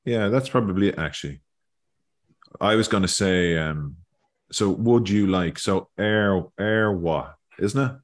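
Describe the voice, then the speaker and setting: A man's voice: sits low, a little slow. A man hosting a casual language lesson over a video call, thinking aloud and repeating words as he goes. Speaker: Irish learning video host.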